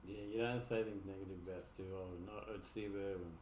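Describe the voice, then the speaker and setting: A man's voice: deep voice, fairly even intonation, quick pace, a crowd in the background. An Australian man giving rambling, laid-back commentary as a streamer reacting to videos. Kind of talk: casual commentary. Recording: echoey room, faint noise.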